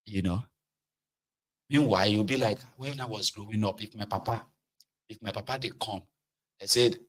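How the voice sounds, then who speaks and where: Animated Nigerian man telling a story. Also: normal speed, pauses often. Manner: animated storytelling, swings from shouting to low muttering; mixes in pidgin and Yoruba words. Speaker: commentator. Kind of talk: casual commentary monologue.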